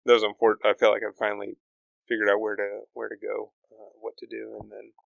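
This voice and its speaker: Male comedian guest, gravelly and dry-miked, low-key self-deprecating delivery. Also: completely flat delivery, a little fast, no room sound. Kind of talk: casual podcast chat.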